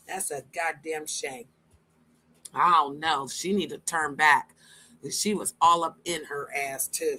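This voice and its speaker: A woman's voice: low-pitched, pushed and bright, slightly rough. A woman hosting a stream, giving blunt, profane reaction commentary straight to her viewers. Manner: brash, blunt and profane, addresses viewers directly.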